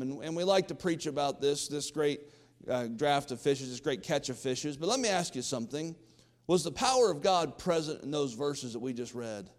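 A man's voice: on the high side, expressive, moderate pace, long reverb tail. A man preaching a sermon, folksy and emphatic, with asides to the congregation. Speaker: pastor.

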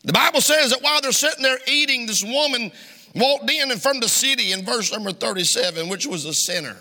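An extremely high, expressive, sharp-toned voice moves fairly quickly as a middle-aged pastor preaches to his congregation. His sermon is fervent and loaded with rhetorical questions, recorded in a church sanctuary with the long reverb of a church hall.

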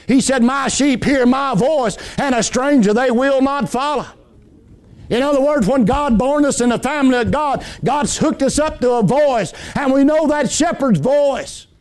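A man preaches a fervent sermon in a notably high voice. He tells folksy stories, rising to ringing emphatic peaks and dropping to hushed, low passages. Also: moderate pace. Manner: impassioned, swinging between high emphatic lines and low hushed ones; folksy storytelling with homespun anecdotes.

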